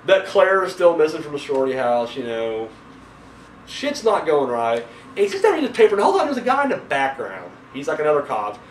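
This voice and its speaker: A young man reviewing horror movies in a rambling, excitable, profane way, swearing constantly. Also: fairly high pitch, a little hiss or hum. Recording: echoey room, mic at a distance.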